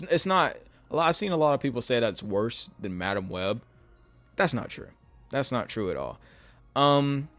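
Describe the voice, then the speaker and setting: A man's voice: mid-range voice, a bit bright, dry recording. A man giving a casual spoken film review in a weary, rambling way, with many fillers and restarts. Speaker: YouTube movie reviewer.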